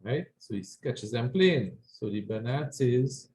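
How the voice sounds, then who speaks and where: A man's voice: medium pitch, animated, measured pace, darkish tone, reverberant. A man teaching an Arabic class, patiently explaining grammar and checking in with his students. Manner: patient, repeats phrases, checks with "right?".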